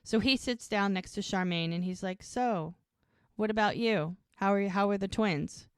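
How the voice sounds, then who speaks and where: A woman's voice: mid-range voice, normal speed, smooth, no room sound, studio quality. A woman co-hosting a podcast, casually recapping a TV episode and retelling scenes by quoting the characters. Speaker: podcast co-host.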